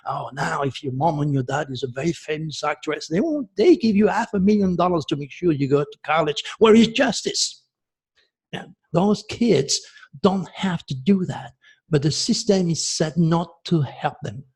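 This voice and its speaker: A man's voice: fairly high pitch, moderate pace, darkish tone, slightly rough. A man from France, hosting an astrology show in a passionate, ranting monologue that turns emotional. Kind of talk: impassioned video monologue.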